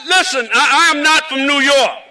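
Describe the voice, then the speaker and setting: A man's voice: very high-pitched, normal speed, pushed and bright, rough recording. A man from South Carolina with a Southern drawl, giving a rhythmic, preacherly rally speech outdoors. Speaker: rally speaker. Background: cheering crowd.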